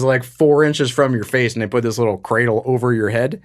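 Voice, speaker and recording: A man on a podcast, telling a story in a relaxed, chatty way. He slips into other people's voices as he goes, and his pitch sits in an ordinary middle range. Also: fast talker, hardly any pauses. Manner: animated storyteller, acts out quoted people. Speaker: podcast co-host. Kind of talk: casual storytelling chat.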